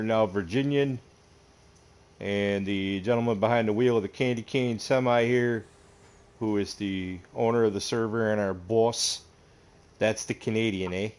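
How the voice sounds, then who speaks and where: A man from upstate New York with a fairly low voice hosts a relaxed gaming livestream. He jokes and laughs with his co-players, greets the viewers and talks loosely into his mic. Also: smooth. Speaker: livestream host. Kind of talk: casual gaming livestream chat.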